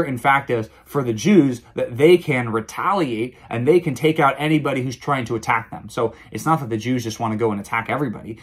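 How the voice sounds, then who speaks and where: Man, husky voice, casual Bible recap host, chatty, fillers, mid-pitched. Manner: chatty, with many fillers and restarts. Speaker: Bible reading video host.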